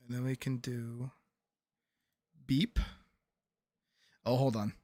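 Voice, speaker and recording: A man chatting casually on a game stream, relaxed and talkative, answering chat and laughing often. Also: medium pitch, slow pace, pauses often, faint music behind.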